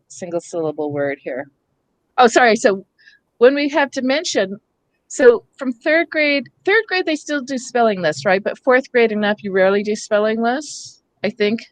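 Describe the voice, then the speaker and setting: A woman's voice: mid-range voice, no echo, poor audio. A woman presenting a hands-on reading workshop to teachers in a school room, explaining patiently and checking in with the group as she goes.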